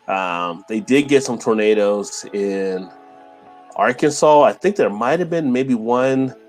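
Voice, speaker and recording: A man hosting a casual live stream, chatting loosely, reading out viewer comments and laughing often. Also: medium pitch. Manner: laughs often, relaxed rambling.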